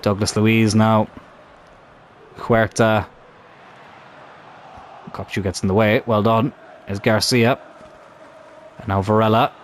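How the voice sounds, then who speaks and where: A young man commentating on his own football video game career, calm one moment and shouting the next. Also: on the low side, takes it slowly, long pauses, a little hiss or hum. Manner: excitable, shouts at big moments. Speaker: gaming YouTuber.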